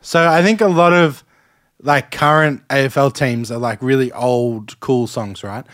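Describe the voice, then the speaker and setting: A man with an Australian accent co-hosting a casual podcast chat, easygoing and quick to laugh. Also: mid-range voice, fairly bright tone, no echo, studio quality. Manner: easygoing, laughs often, agreeable. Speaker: podcast co-host.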